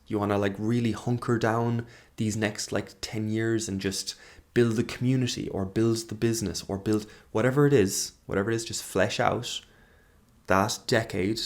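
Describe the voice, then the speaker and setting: A man in his thirties giving a reflective monologue as host, earnest and searching, often trailing off and restarting. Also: fairly low pitch. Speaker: podcast host.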